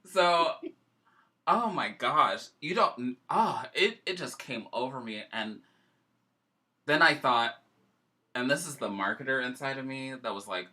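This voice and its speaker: A man with a very bright, forceful tone tells his story with feeling, and his pitch swings widely as he goes. He talks casually and emotionally, like a host chatting on a show. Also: lively intonation, unhurried, long pauses. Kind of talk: casual chat.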